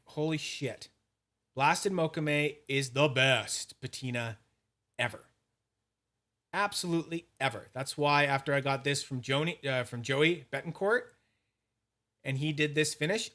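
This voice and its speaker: Mid-range and sharp-toned, this male fidget collector channel host chats loosely on a livestream. He curses and rambles as he demonstrates polishing and reads out names from the chat, frequently restarting and tossing in fillers and brief asides.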